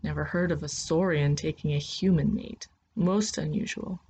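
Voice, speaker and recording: A gentle, absent-minded old starship pilot, put on by a woman reading a story, muttering half to himself in a folksy drawl. He is poor and easily confused but kind, soothing a frightened child with a lowish, unhurried voice. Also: steady tone, slightly rough. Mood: gruff, muttering.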